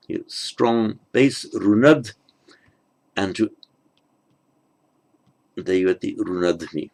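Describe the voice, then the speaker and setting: A man works through a grammar lesson at an unhurried, slow pace. His low voice has a gravelly rasp. He pauses with fillers, restarts phrases and mutters asides to himself. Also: a little mellow. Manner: halting, thinks aloud with fillers and restarts. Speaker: teacher. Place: at a desk with a tablet.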